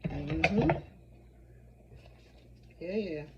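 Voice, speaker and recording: A woman's voice: low-pitched, extremely slow. A woman chatting casually to her viewers while she cooks in her home kitchen, humming and exclaiming as she works. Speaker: home cook vlogger. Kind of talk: casual cooking vlog chat. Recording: dull lo-fi sound with clear background noise.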